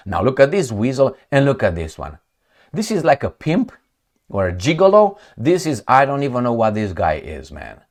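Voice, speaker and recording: A man gives loose, mocking political commentary straight to his viewers. His pitch swings widely as he talks, and he keeps it conversational and sarcastic. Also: big pitch swings, normal speed, darkish tone. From Romania.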